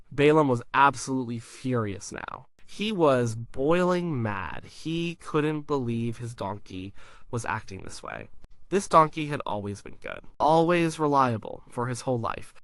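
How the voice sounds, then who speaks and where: A man's voice: medium pitch, lively intonation, moderate pace, fairly bright tone, dry recording. A man narrating a Bible story in short, simple sentences with emphatic repetition.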